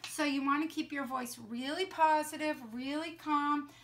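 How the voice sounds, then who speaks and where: A middle-aged woman dog trainer with a high, bright voice walks through a grooming demonstration at an indoor sink. She keeps her tone calm and reassuring, and a faint room hiss sits behind her. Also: normal speed. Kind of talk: how-to demonstration.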